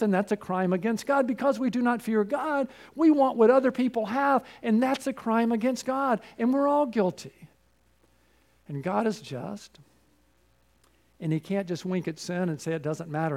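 A man's voice: high voice, a little mellow. A man preaching a sermon as pastor, in an earnest, repetitive cadence with direct appeals to the listener.

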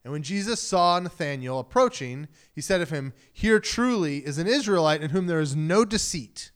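Male pastor, slightly higher voice; casual, animated sermon delivery with acted-out dialogue. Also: normal speed, clean tone.

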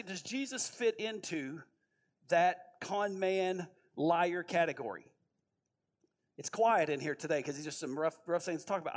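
A man giving a sermon, telling stories in a conversational way and asking his listeners questions. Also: high-pitched. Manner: storytelling, conversational, asks the audience questions.

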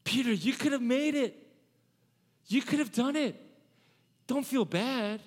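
A kind, proud master figure reassures a follower who stumbled, his voice lifted higher than normal, as a pastor puts him on. The gentle words carry a long echo from the hall. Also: measured pace, slightly rough, heavily acted. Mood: encouraging. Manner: warm, reassuring. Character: gentle, proud, encouraging master comforting a disciple.

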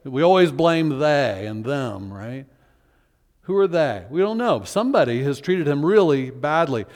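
A man delivers a sermon in a relaxed, talk-to-the-pews manner, easing his pace whenever he reads scripture aloud. His voice sits a little high for a man. The sound carries the long tail of a large church hall. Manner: conversational preaching, reads scripture aloud slowly. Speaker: pastor.

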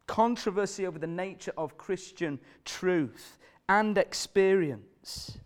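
Earnest male preacher, slightly high voice. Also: slow. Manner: earnest, emphatic, repeats questions to the congregation. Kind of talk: sermon.

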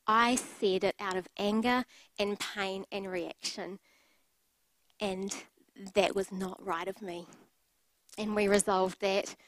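A woman's voice: medium pitch, steady tone, takes it slowly, pauses often, fairly bright tone, no room sound, rough recording. A middle-aged woman preaching a sermon, telling personal stories in a candid way with light laughter.

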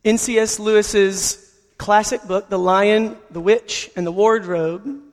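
A man's voice: high voice, steady tone, slow pace. A man preaching a sermon, telling a story in an earnest way, recorded in a reverberant hall. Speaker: pastor.

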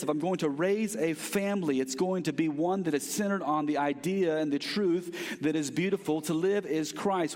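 Male American pastor, higher-pitched, earnest, emphatic sermon delivery; long hall reverb. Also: a little mellow. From United States. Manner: earnest, emphatic, repeats key phrases for stress.

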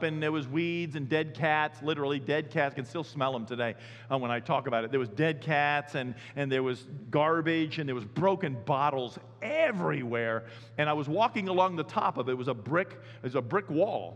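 Male pastor, sermon, animated conversational delivery, slightly high voice, echoing hall. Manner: animated, conversational preaching with sudden loud bursts. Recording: long hall reverb.

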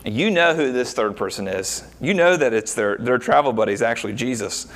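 A man preaching a sermon as a pastor, talking through the verses with rhetorical questions and frequent pauses. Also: mid-range voice, animated, a bit bright.

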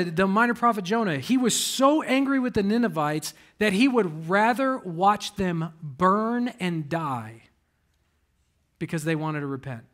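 A man's voice: high-pitched, a bit bright. A man, a pastor, preaching a conversational sermon in a church, emphatic and direct, putting rhetorical questions to the congregation.

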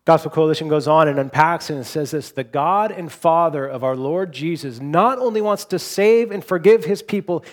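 A pastor in his forties delivers a sermon in a relaxed, conversational way. His voice sits fairly high for a man. He often restarts and repeats words, and he moves between loud emphasis and a soft hush. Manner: shifts between loud emphasis and hushed softness.

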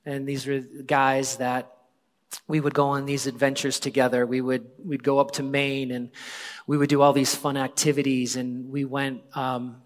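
A man in his forties, a pastor, telling a personal story in a conversational sermon, often dropping to a hushed voice. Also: medium pitch. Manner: conversational, drops to hushed tones for quoted moments. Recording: long hall reverb.

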